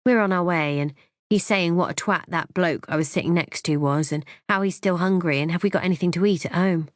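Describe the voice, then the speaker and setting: A woman's voice: lowish voice, a little fast, no room sound, clean studio sound. A woman reading a first-person thriller in a wry, conversational way. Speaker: audiobook narrator.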